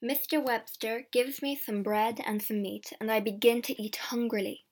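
A woman narrating a first-person storybook slowly and clearly. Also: on the high side. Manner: slow, clear and deliberate. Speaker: audiobook narrator.

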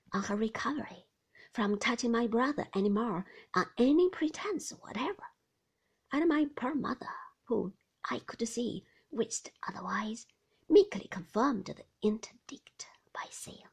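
A woman narrating a classic novel in a hushed, slow storybook reading. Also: a little high, creaky, breathy edge.

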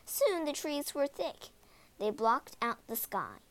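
A woman narrating a children's storybook aloud in an animated, dramatic way. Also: sits high, slow pace. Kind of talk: expressive storybook read-aloud.

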